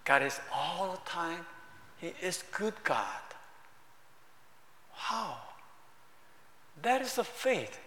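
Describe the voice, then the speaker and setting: Slow, high-voiced preacher in an echoing hall. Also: male voice, very animated, a little hiss or hum. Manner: warm conversational preaching in broken English, rising to emphatic bursts. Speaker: pastor. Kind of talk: sermon. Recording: echoey hall with long reverb.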